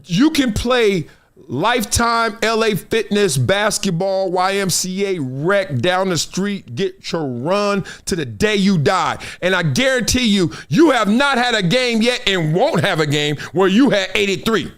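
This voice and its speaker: A man's voice: high voice, expressive, measured pace, fairly bright tone. A middle-aged man hosting a live sports talk stream, emphatic and speaking straight to his viewers, acting out other people's lines as he goes. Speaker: host. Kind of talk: animated live sports commentary.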